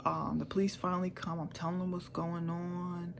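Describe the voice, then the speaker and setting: Middle-aged woman, candid storyteller, emotional with hushed moments, faint noise behind. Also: fairly low pitch, level tone, moderate pace, creaky. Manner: emotional, repeats herself, drops into a near whisper. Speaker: vlogger. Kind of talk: personal storytelling.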